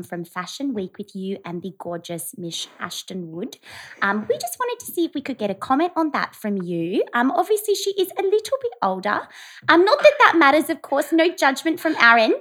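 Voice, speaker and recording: A woman's voice: high-pitched, fairly bright tone. A woman voicing a fake-polite female tabloid reporter on a prank phone call, full of ums. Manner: sugary professional tone full of ums. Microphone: phone on speaker.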